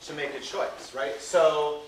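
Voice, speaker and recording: A man's voice: on the high side, fairly even intonation, takes it slowly, slight background noise. A man teaching a Shakespeare workshop in a playful way, often checking in with 'right?'. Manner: playful, ends phrases with 'right?'. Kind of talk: classroom teaching. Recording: echoey room, voice from far off.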